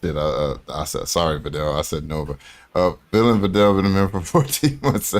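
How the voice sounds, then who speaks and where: A man's voice: sits low, brisk. A man live-streaming reactions to a video, joking crudely and laughing often. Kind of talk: casual live-stream commentary.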